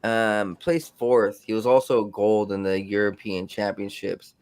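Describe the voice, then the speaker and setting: A man's voice: lowish voice, fairly even intonation, unhurried, a little mellow, smooth, no room sound. A man co-hosting a casual podcast, reading news items aloud with stumbles and restarts. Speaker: podcast co-host.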